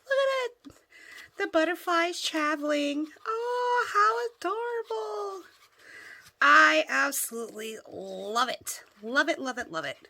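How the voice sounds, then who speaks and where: Crafting host, woman, bright sharp tone, chatty and gushing, casual show-and-tell. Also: mid-range voice. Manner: gushing, chatty, squeals over cute items.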